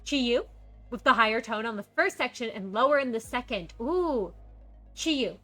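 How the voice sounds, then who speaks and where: Bubbly, bright-voiced woman streamer. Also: fairly high pitch, lively intonation, brisk, faint music behind. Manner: bubbly, reads chat messages aloud and greets viewers. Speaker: game streamer. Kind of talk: casual live-stream chat.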